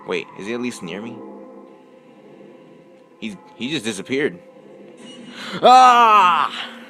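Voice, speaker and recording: A man's voice: medium pitch, wildly swooping pitch, slow, pushed and bright, faint music behind. Jumpy young man narrating horror gameplay. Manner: jumpy, yelps and screams at scares, mutters to himself. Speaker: gameplay commentator. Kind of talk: horror game let's play commentary.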